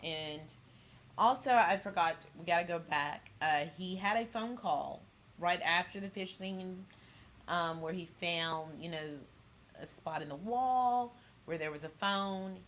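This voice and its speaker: A woman's voice: fairly low pitch, measured pace, fairly bright tone, slight background noise. A woman hosting a pop culture channel, casually recapping an episode in a rambling way full of fillers and restarts.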